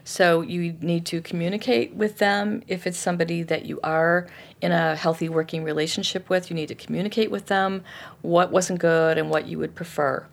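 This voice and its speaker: A woman author explains her method of forgiveness in a lively, conversational way. She restarts her sentences often. Her voice sits somewhat low. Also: normal speed, gravelly. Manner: lively, acts out quotes, frequent restarts. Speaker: author and forgiveness teacher, guest. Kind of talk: interview answers, conversational teaching.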